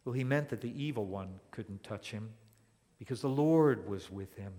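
A man preaching a sermon as a pastor, speaking deliberately and building to emphatic declarations. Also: lowish voice, dark tone, big-room sound. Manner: slow and deliberate, rising to emphatic.

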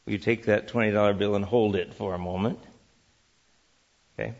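A man giving a church teaching talk, lively and full of rhetorical questions, who also engages the audience. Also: on the low side, fairly quick, gravelly, big-room sound, highs cut off. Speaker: Christian speaker teaching on work and business.

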